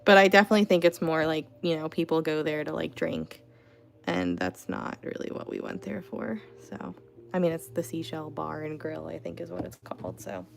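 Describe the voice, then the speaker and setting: Low, gravelly-voiced chatty woman. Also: sing-song, normal speed. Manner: chatty, heavy on fillers like "like" and "you know". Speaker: art livestream host. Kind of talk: casual livestream chat. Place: at home.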